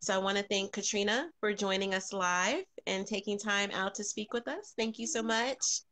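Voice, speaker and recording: A woman's voice: medium pitch, steady tone, moderate pace, fairly bright tone. A woman hosting a live podcast stream, greeting viewers by name and making announcements with frequent ums. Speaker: podcast host.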